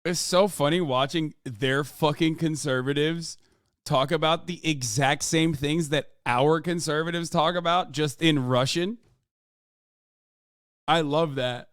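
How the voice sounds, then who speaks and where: Fast-talking, profane male streamer. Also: on the high side, no room sound, studio quality. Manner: animated, profane, talks over a played clip. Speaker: livestream host. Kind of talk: casual reaction commentary.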